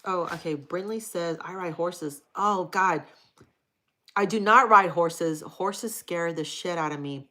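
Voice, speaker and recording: Middle-aged woman, livestream host, low-ish voice, blunt, casual and profane. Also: sharp tone. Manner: frank and profane, chatty. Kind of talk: casual live chat reading viewer comments.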